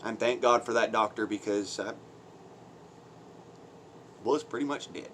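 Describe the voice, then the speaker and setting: On his own channel, a vlogger rants in a fairly low voice at a measured pace, the tone a bit bright with a little hiss or hum in the background. His commentary is blunt, crude and mocking, packed with swearing and folksy slang, and he laughs between points.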